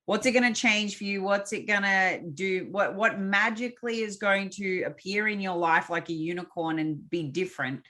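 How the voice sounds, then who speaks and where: A woman co-hosting a casual fitness podcast as a competition coach, agreeing often and making her points in steady rhetorical runs. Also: medium pitch. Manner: steady, agreeable, lots of quick yeahs and a rhetorical list.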